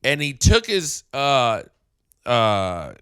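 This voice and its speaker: A man's voice: medium pitch, wildly swooping pitch, drawn-out words, fairly bright tone, clear, resonant tone, no room sound, clean studio sound. A man co-hosting a podcast in casual chat, joking, swearing and acting out people he quotes. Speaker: podcast co-host.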